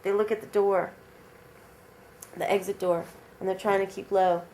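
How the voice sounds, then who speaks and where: Animated rambling woman storyteller. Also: medium pitch, moderate pace, a little hiss or hum. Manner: animated, rambling with frequent fillers. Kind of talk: casual oral storytelling.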